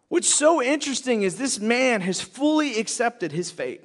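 A male pastor delivering a sermon in a strikingly high voice. He tells the story with emphatic, dramatic delivery, dropping to near hushes and then pressing louder. A long reverb from a large hall trails his words. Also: sing-song, moderate pace, hardly any pauses.

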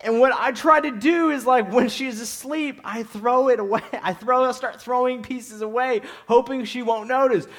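High-voiced man preaching conversationally. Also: moderate pace, few pauses, fairly bright tone. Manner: conversational, repeats himself, many asides and rhetorical questions. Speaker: pastor. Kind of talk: sermon.

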